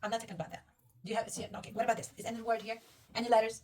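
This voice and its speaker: Patient high-voiced woman teaching reading. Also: little pitch movement, rapid-fire, darkish tone, distant mic. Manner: patient, coaxing, asks many questions. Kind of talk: one-on-one reading lesson.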